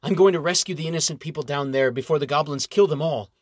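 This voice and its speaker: An earnest, idealistic young male elf, speaking with quiet determination in a slightly raised voice, as a man reading a storybook plays him. The sound is dry and close. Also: on the high side, fast talker, no echo, pitched above the performer's own voice, lightly acted.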